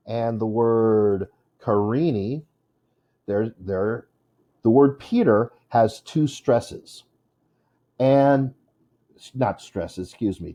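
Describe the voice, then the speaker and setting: A man's voice: mid-range voice, dark tone. A male English teacher giving a recorded lesson, joking with his class and drawing out syllables to show which one is stressed.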